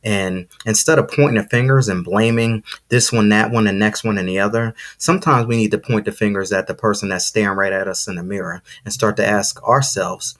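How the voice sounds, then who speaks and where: Man, low-pitched voice, podcast host, motivational monologue, preachy, emphatic, repeats for effect, addresses listeners. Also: fairly quick, few pauses. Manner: preachy and emphatic, repeats phrases, says "see"; excited, talks to listeners directly. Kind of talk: motivational live-stream monologue.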